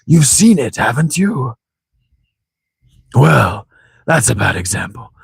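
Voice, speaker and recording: A man voicing a wise old elder who chuckles "ho ho ho" and speaks slowly, with a gravelly, husky voice. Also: medium pitch, sing-song, no room sound, studio quality, pitched above the performer's own voice, full character voice. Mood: sage. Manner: chuckling "ho ho ho", slow measured speech.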